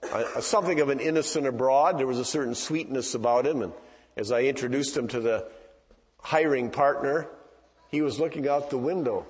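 A man's voice: mid-range voice, fairly quick. A man preaching a sermon in a church, telling stories in a conversational, digressive way with many asides. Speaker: pastor. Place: church sanctuary. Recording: long church reverb.

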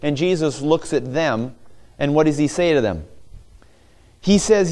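A man's voice: fairly high pitch, animated, unhurried, pauses often, a little mellow. A man preaching a sermon, asking rhetorical questions and acting out quoted voices. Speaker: pastor.

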